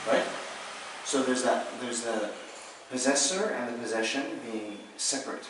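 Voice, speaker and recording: Speaking in a mid-range voice at an unhurried pace, a man offers a casual Dharma teaching in a meditation hall. He keeps it conversational, often asking "right?" and revising his own words. A distant mic in an echoey room picks him up along with audible noise.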